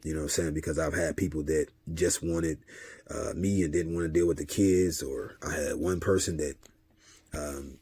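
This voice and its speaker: A man's voice: rumbling low, fairly even intonation, moderate pace, a little mellow, husky, no echo. A man talking casually in a vlog, giving spiritual advice as a father and often using a filler tag as he talks. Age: adult father of several children. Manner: conversational, often repeats a filler tag and acts out dialogue. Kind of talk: casual spiritual talk monologue.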